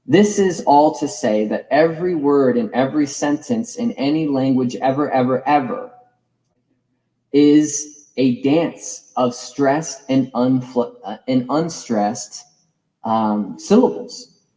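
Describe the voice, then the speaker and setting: A man's voice: medium pitch, takes it slowly, warm tone, low-quality recording. A man giving a reflective, digressive lecture as a course teacher, musing over the roots of words.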